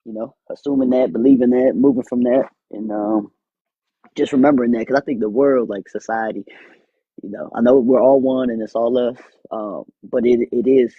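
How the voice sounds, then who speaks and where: A man in a casual spiritual discussion, speaking in a reflective, halting and informal way. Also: mid-range voice, fairly even intonation, slightly rough, no room sound, phone-quality sound.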